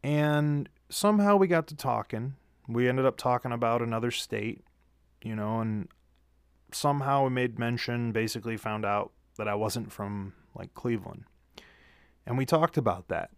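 Smooth and mid-range, this man's voice moves at a moderate pace over a dry recording with clean studio sound. Tired after his workday, he delivers a rambling, profane storytelling monologue into a handheld studio mic fitted with a pop filter, often backtracking to correct himself.

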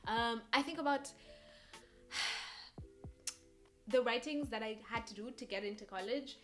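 A young Kenyan woman hosts a casual solo podcast, her Kenyan English accent drifting toward American. Her voice is a little high, slow, and a bit bright, with faint music behind her as she rambles, hops between thoughts, and laughs often.

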